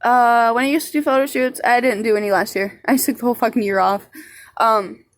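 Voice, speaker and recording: Chatty young woman with a higher voice. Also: steady tone, brisk. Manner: chatty, rambling, heavy swearing. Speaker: vlogger. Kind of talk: casual storytime vlog.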